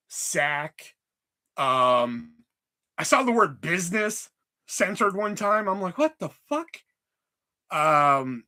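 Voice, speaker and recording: Animated, expressive young man telling stories. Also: a little high. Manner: animated, profane, acts out quotes. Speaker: livestream host. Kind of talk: casual storytelling chat.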